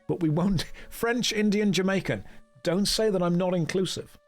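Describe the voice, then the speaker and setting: A man's voice: high voice, moderate pace, faint music behind. A man streaming a game, chatting casually, joking and reading chat aloud. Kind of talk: casual gameplay commentary.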